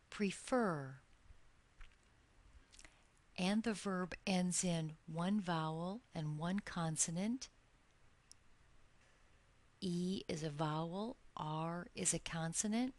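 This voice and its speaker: A woman teaching an English grammar lesson in a slightly low voice. She talks very slowly and deliberately, drawing out each example word so it can be followed.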